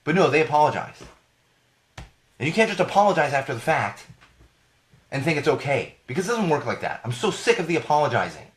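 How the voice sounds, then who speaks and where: A man hosting a live podcast, rambling and indignant in a casual rant, his voice going hoarse. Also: fairly high pitch, big pitch swings, a little fast, long pauses. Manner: rambling, indignant, self-correcting. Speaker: podcast host.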